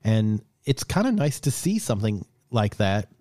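A man with a somewhat low voice co-hosts a podcast in easygoing chat. He talks in an animated, joking way and often restarts his sentences. The sound is dry and close. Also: normal speed, dry recording. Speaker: podcast co-host. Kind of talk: casual chat.

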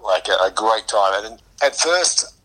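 An Australian man in his fifties, a guest telling candid stories in an animated way, often repeating words as he restarts. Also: lowish voice, measured pace, low-quality recording. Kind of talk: candid interview storytelling.

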